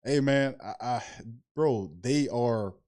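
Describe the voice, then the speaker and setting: A man's voice: medium pitch, takes it slowly, darkish tone, clean tone. A man hosting a late-night live sports stream, ranting bluntly in slang and laughing often. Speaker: sports podcast host.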